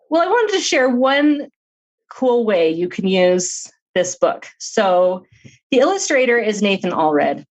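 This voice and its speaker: A middle-aged woman talks as a guest on an interview podcast, recounting a personal story in an earnest, open manner. Her pitch sits in the usual middle range for a woman, and she often breaks into light laughs. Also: very animated, takes it slowly, low-quality recording. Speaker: author and guest.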